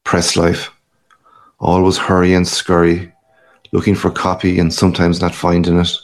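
A man's voice: low-pitched, monotone, normal speed, close to an everyday voice. A man voicing a boisterous, worldly middle-aged journalist with a hearty, boastful, teasing manner.

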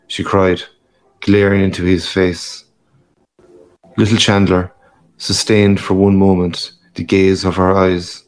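Slow, deep-voiced male narrator. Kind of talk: audiobook reading.

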